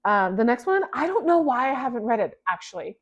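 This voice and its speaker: A woman's voice: fairly high pitch, big pitch swings, a little fast. Chatty young woman, slightly dull sound. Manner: chatty, self-deprecating, restarts and laughs. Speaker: book vlogger. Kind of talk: casual chat to camera.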